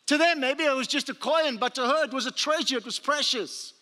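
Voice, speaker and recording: This pastor's voice is extremely high, and he talks a little fast while preaching in a church sanctuary. His sermon is full of stories, with quotes performed in an animated way, all carried by the long reverb of a big hall.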